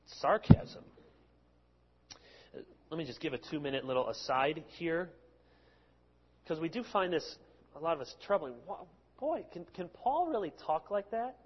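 A male pastor preaching a sermon, explaining passages with lively sarcastic asides. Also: a little high, unhurried, long pauses, a little hiss or hum. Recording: long hall reverb, dull lo-fi sound.

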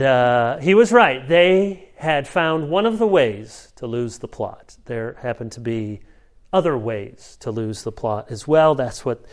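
A man preaching a sermon as a pastor, conversational and emphatic as he tells stories to his congregation. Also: medium pitch.

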